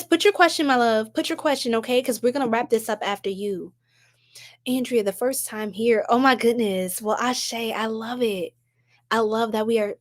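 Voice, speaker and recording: A young adult woman hosting a psychic livestream, reading viewer comments in a casual, bubbly, effusive way and laughing often. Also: a little high.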